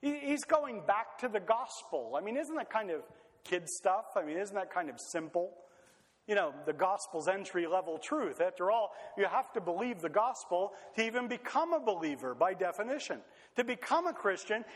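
A man preaching a sermon in a lively, conversational way, full of rhetorical questions. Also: extremely high pitch. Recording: long hall reverb.

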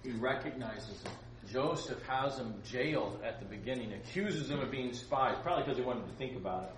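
A man's voice: medium pitch, brisk, noisy background. A man teaching a casual Bible class, retelling the story with jokes and asides to his students. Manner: joking, lively storytelling with asides. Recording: echoey room.

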